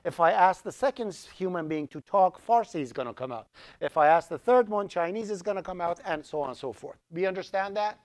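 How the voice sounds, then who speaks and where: A middle-aged man who grew up speaking Azerbaijani, teaching a college programming class in a lively, joking way and putting questions to the students. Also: high-pitched, fairly quick. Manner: lively, asks the class questions, jokes around. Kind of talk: live classroom lecture.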